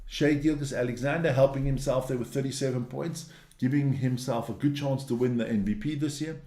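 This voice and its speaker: A man's voice: mid-range voice, a little fast, warm tone, reverberant. A man hosting a sports news show, reading through results in a casual, blunt and opinionated way, ranting and cursing as he goes.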